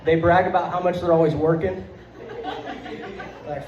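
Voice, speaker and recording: A man's voice: on the high side, fairly even intonation, moderate pace, crowd noise. A young man performing a stand-up comedy set on a club stage into a handheld mic, rambling and profane, full of fillers, laughing through his lines. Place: comedy club stage before a live audience. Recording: roomy, dull club recording.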